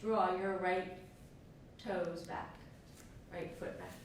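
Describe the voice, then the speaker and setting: A woman guiding a yoga class in a gentle, encouraging way, often asking the listener how they feel. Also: lowish voice, fairly even intonation, slow. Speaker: yoga teacher. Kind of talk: guided yoga class instruction. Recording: echoey room, mic far off, faint hiss.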